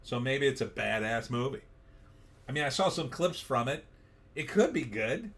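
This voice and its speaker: Middle-aged man, live-stream host, casual, wry and offhand, reads chat comments aloud, average pitch. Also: animated, normal speed, a bit bright.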